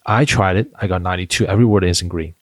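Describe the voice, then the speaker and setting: A man's voice: deep voice, rapid-fire, no room sound. A man who founded a company, telling stories in an interview, with lots of fillers and restarts. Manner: animated storyteller, many fillers and restarts. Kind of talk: interview conversation.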